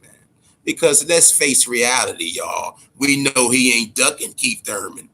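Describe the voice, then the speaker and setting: A man's voice: on the high side, sharp tone. A man hosting a boxing talk show, ranting in heated, profane casual commentary and repeating words when worked up.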